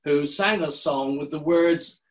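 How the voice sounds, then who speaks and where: Older male preacher, unhurried sermon delivery, slightly raised pitch. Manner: measured, deliberate delivery with quoted scripture. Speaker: minister.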